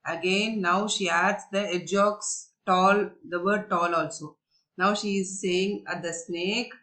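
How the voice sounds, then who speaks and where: A woman's voice: mid-range voice, fairly even intonation, takes it slowly, fairly bright tone. A woman teacher explaining a story to young children, repeating herself, searching for words and asking them questions.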